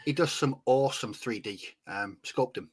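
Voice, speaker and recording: A man co-hosting a podcast, chiming in with quick banter and jokes. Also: medium pitch, slightly rough. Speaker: podcast co-host. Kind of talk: casual chat.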